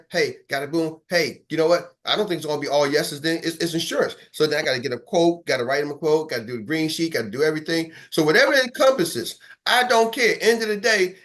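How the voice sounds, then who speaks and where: A man's voice: on the high side, a bit bright. A man coaching his sales team, emphatic and preachy, driving points home with repetition and calling on listeners by name. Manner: fired-up, emphatic, preachy, repeats for punch; talks straight to a live group, calls on listeners by name. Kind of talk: motivational team coaching talk. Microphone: online meeting.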